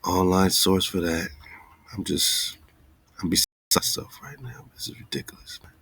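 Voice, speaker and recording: A man's voice: low voice, flat delivery, normal speed, a bit bright, whispered. A man hosting an online radio show, talking loosely and straight to his listeners with an exasperated, easygoing manner. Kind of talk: casual live-stream talk.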